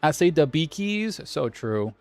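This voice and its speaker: A man's voice: fairly high pitch, sing-song, a little slow, darkish tone, no room sound, faint music behind. A man hosting a game tournament on a livestream, chatting casually and joking with viewers, swearing now and then.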